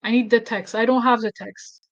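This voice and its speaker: A woman's voice: on the high side, fairly even intonation, normal speed, lo-fi sound. A woman with an Ethiopian accent, a native Amharic speaker, hosting a casual screen-recorded tutorial, thinking aloud and getting flustered with herself. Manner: thinking aloud, self-deprecating, easily flustered. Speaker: activist tutorial host.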